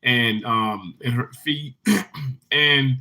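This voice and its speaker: On a rough recording, a man speaks extremely slowly in a medium-pitched voice while hosting a casual livestream. His heartfelt story keeps restarting before he turns lively and upbeat, greeting commenters.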